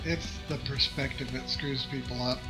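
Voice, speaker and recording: A man's voice: medium pitch, fairly even intonation, normal speed, over loud music, low-quality recording. A man on a gaming stream's voice chat, patiently explaining how a game works. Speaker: friend on voice chat.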